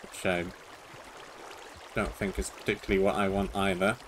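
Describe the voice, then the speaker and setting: A man's voice: sits low, level tone, background noise. A man streaming a puzzle game, muttering to himself in short fragments as he works things out. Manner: slow, thinking aloud in short fragments. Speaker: streamer playing a puzzle map. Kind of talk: muttering to himself while playing.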